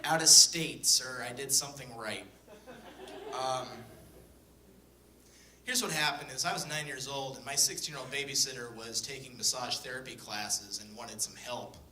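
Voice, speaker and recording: A young man tells stand-up stories in a deadpan, profane way, acting out bits of dialogue. His voice is very bright and cutting. It is heard from a distance in an echoey live room. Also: mid-range voice, moderate pace, slight background noise. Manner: profane, deadpan storytelling with acted-out quotes. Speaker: stand-up comedian. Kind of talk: stand-up storytelling. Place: comedy stage before a live audience.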